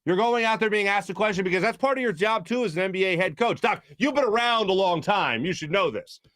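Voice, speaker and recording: A man's voice: high-pitched, fast talker, fairly bright tone, no room sound, clean studio sound. A man hosting a sports talk show, ranting in a heated, exasperated way and often mimicking other people. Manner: heated, exasperated, quotes people in mock voices. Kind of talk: opinionated sports talk rant.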